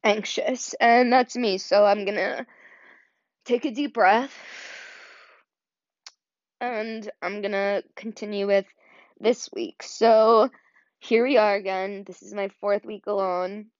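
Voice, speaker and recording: Speaking slowly and pausing often, this young woman hosts her own podcast in a casual way full of fillers, her steady mid-range voice sometimes catching with emotion. There's no room sound, just dull, dry audio.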